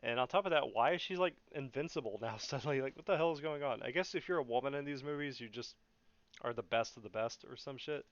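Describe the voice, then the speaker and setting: A man's voice: medium pitch, fast, no echo, dull audio. A young man hosting a podcast, ranting in a casual, profane, mocking way and often laughing. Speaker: podcast host.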